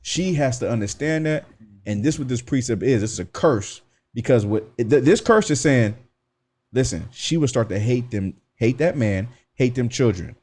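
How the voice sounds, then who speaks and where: A man hosting a casual religious discussion on a radio show, lively, acting out quoted voices and cursing freely. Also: medium pitch, normal speed. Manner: animated, acts out quoted voices, swears.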